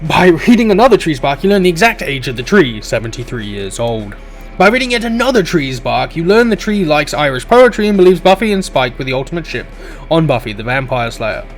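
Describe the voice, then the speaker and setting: A man reading a comedy game aloud, animated and giggly, cursing casually between lines. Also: fairly high pitch, fairly quick, soft background music. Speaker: game streamer voicing all characters. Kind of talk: reading a visual novel aloud with laughs and asides.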